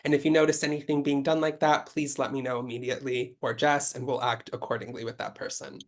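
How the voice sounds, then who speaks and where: A host running an online game over a video call, going through the rules in a brisk, businesslike way. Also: mid-range voice, level tone. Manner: brisk, businesslike rule-giving.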